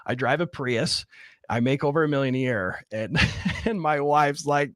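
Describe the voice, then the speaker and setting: A man's voice: on the high side, moderate pace, a bit bright, no room sound, clean studio sound. A man, a real estate investor and coach, telling his story earnestly and candidly in a podcast interview, openly emotional.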